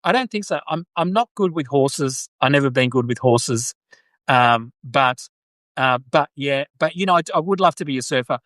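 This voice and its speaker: A man's voice: medium pitch, expressive, moderate pace, fairly bright tone, dry recording. An Australian man from Sydney, hosting a casual live-stream chat, rambling and chatty as he answers viewer comments. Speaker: podcast host.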